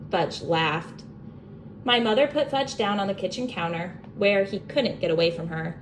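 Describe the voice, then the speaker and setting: A young adult woman reading a children's book aloud as a bedtime story, expressive and animated. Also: mid-range voice, normal speed, slight background noise.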